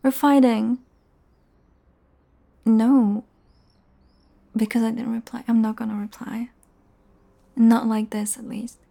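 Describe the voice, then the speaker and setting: A woman's voice: a little high, flat delivery, slow, gravelly, long pauses, mellow. A young woman in a casual audio role-play, talking straight to the listener, teasing and swearing freely and often dropping into a whisper.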